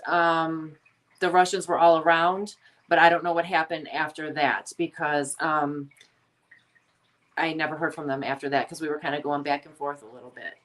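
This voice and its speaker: A livestream host from the Chicago area speaks with a nasal accent, her voice on the low side and fairly bright. She keeps the live chat casual and chatty, reading comments aloud with plenty of ums.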